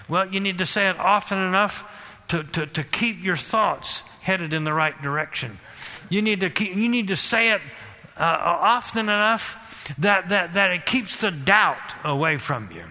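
A man preaching a sermon with fervent, repetitive exhortation that rises to loud emphasis. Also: sits high, animated, measured pace. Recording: long hall reverb.

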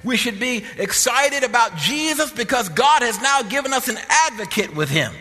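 A man's voice: extremely high pitch, animated, moderate pace, sharp tone, long reverb tail, soft background music. A man preaching a sermon in a church, with an impassioned, repetitive preaching cadence.

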